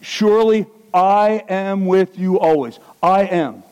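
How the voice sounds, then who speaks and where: A high-voiced man preaching a sermon. He rises to loud, ringing exclamations, then sinks into quiet, low-pitched earnestness. He keeps putting questions to the congregation. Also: slow, clean tone, low-quality recording.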